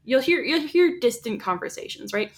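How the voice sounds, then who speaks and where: A woman's voice: a little high, expressive, moderate pace. A woman talking casually on a podcast, explaining ideas in a chatty way with frequent restarts. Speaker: podcast co-host. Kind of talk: casual chat about writing.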